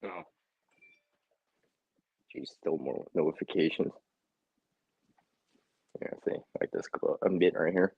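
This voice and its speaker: A man's voice: sits low, slow pace, pauses often, husky, dry recording, highs cut off. A man hosting a casual live stream from home, chatty, laughing often and repeating words. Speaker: livestream host.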